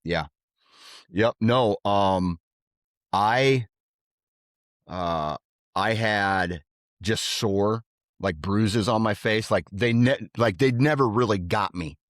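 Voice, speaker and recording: A podcast co-host with a lowish voice tells casual stories slowly, pausing often, and gets animated when acting out what people said in a raised voice. The studio sound is clean, with no echo.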